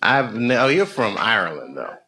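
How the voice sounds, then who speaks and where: A male comedian doing a live stand-up set, swearing freely and darting into high mock voices as he riffs with the audience. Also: sing-song, moderate pace, crowd noise. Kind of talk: live stand-up routine with crowd work. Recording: loud audience noise behind.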